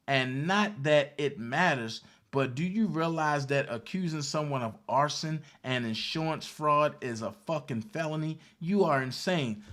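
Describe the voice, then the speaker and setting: A man with a fairly high voice reads out a string of text messages and jabs back at each one. He sounds indignant and mocking, and he hammers his points home by repeating them. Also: fairly bright tone. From Baltimore, Maryland. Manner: indignant, mocking, emphatic repetition. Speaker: online commentator. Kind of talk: reading out text messages with commentary.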